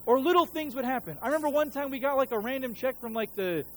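A very high-pitched pastor in his thirties talks fast with lively intonation during his sermon, soft background music playing under a low-quality recording. Conversational and casual, he tells a personal story and performs the quoted voices, his own and God's.

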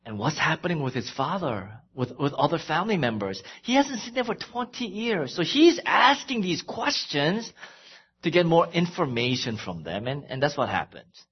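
A man preaching a sermon as pastor, animated and emphatic, with frequent ums and restarts. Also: on the high side, normal speed, husky. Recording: dull lo-fi recording.

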